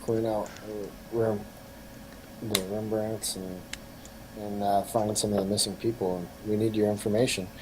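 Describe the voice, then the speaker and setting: A man's voice: lowish voice, little pitch movement, background noise. Friendly man playing a tabletop game. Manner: friendly, halting. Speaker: player. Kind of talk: in-character tabletop play.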